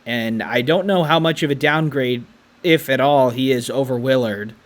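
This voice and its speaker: Podcast co-host, male, mid-pitched, calm analytical sports talk full of numbers. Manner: stat-heavy, measured, some restarts. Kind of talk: casual sports analysis chat.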